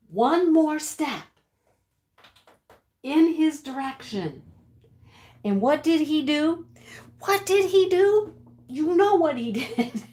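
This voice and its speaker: A breathless, chatty storyteller. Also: female voice, fairly high pitch. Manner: breathless, dramatic, giggling storyteller. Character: chatty middle-aged woman telling a rooster story. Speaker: livestream storyteller. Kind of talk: sketch comedy monologue to viewers. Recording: roomy echo.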